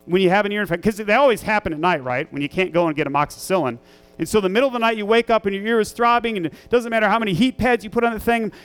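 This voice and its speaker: A man's voice: sits high, very fast, fairly bright tone, clear, resonant tone, soft background music. A man who is a parent, preaching a sermon as pastor in an earnest, emphatic way, repeating key phrases for weight. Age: young adult to middle-aged, a parent.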